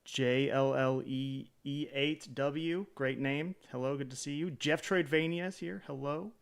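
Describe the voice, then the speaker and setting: A man's voice: mid-range voice, steady tone, measured pace, creaky, clean tone. A man streaming live in a casual chat, greeting viewers by name, rambling with hesitant fillers and self-deprecating jokes.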